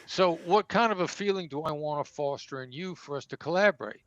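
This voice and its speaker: A man's voice: a little high, fairly quick, a bit bright, dry recording, highs cut off. A man, a negotiation expert, answering interview questions and acting out sample dialogue to make his points. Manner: emphatic, acts out example dialogue.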